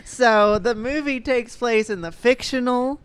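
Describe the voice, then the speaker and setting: A woman's voice: on the high side, a little slow, a little hiss or hum. A woman co-hosting a casual chat, explaining a movie's premise in a dry, matter-of-fact way. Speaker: podcast co-host. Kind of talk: casual trailer reaction chat.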